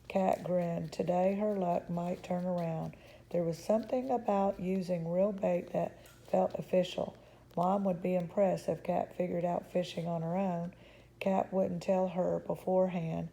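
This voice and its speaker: A woman reading a children's chapter book aloud in a calm, measured way. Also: lowish voice, gravelly. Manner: calm, measured, occasional restarts.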